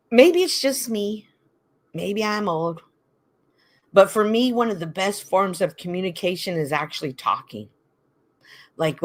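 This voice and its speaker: A woman's voice: on the low side, fairly bright tone. A middle-aged woman hosting a talk show, speaking emphatically in casual, heated chat and repeating her points. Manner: emphatic, repeats points, mimics others in quoted asides. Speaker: podcast host.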